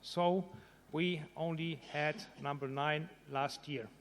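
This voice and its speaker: Man, conference presentation, halting delivery, higher pitch, long hall reverb. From Germany. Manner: halting, with many fillers and restarts. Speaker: conference speaker.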